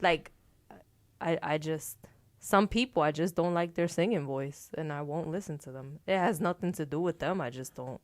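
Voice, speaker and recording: A woman's voice: sits low, no echo. A woman co-hosting a casual podcast chat, talking frankly and at length. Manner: frank, talkative, fast trailing asides. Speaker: podcast co-host.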